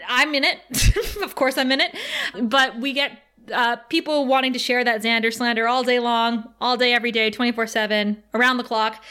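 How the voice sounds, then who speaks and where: A woman's voice: fairly high pitch, bright, forceful tone, smooth. A woman co-hosting a casual podcast, chatting as an enthusiastic fan and laughing often. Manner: giggly, enthusiastic fan talk. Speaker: podcast co-host.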